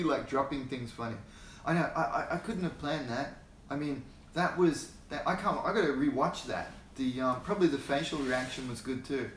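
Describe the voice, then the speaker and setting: A man's voice: medium pitch, slight background noise. Chatty Australian man in an echoey room. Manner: rambling, chatty, chuckles often, greets viewers by name. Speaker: hobby channel host. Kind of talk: casual livestream chat. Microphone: phone held in hand.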